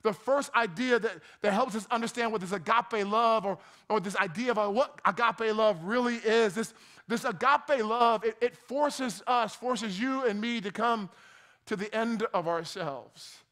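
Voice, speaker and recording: Guy from new jersey preaching, high voice, loose jokey delivery with lots of restarts. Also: a little slow, fairly bright tone. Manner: conversational and joking, with repeated restarts. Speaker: pastor. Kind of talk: sermon.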